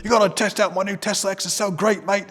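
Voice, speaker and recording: A man voicing an excited young British man showing off his new car, in a mock British accent that slides toward Australian. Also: high voice, fast talker, husky, in a large hall, soft background music, pitched above the performer's own voice. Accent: mock British, drifting Australian. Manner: gushing, boastful.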